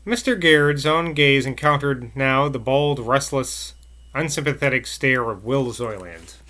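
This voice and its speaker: A man reading a novel aloud at a measured pace, with occasional slips and asides. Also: mid-range voice, pushed and bright. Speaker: narrator.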